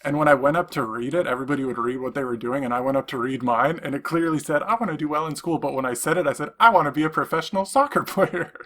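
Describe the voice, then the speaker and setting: A man's voice: medium pitch, rapid-fire, few pauses, fairly bright tone. A young man from Canada, co-hosting a podcast in casual chat, rambling through stories with many restarts. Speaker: podcast co-host.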